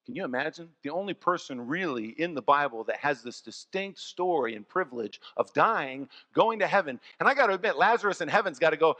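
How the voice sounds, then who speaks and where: A man preaches a sermon in a high, cutting voice with animated storytelling, dropping soft and then rising loud. The sound carries a long reverb from a large church. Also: a little fast, hardly any pauses. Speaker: pastor.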